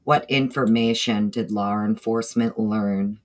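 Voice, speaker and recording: A woman's voice: rumbling low, slow, a little mellow. A woman from the northeastern United States with a Southern drawl, hosting a casual livestream and greeting viewers by name. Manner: chatty, greets chat members by name between thoughts. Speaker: livestream host.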